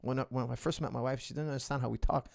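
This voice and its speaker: Gravelly-voiced man coaching on a livestream. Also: medium pitch, fairly even intonation, rapid-fire, a little mellow. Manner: emphatic, joking storyteller. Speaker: martial arts coach. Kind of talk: livestream Q&A chat.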